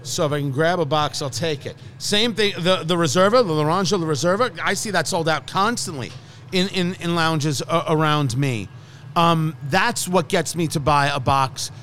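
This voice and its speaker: A man's voice: a little high, normal speed, fairly bright tone, a little hiss or hum. A man hosting a food and drink talk show, joking and teasing his co-host in casual banter.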